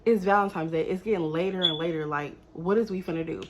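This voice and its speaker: A young woman telling a story to her viewers in a casual, animated, exasperated way. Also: fairly low pitch, fast talker, dull audio, noisy background.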